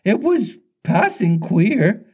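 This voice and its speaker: Timid storybook pirate mate, higher voice, done by a man reader. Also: very animated, takes it slowly, darkish tone, breathy edge, full character voice. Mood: uneasy. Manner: hesitant, deferential. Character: nervous bumbling pirate boatswain, man.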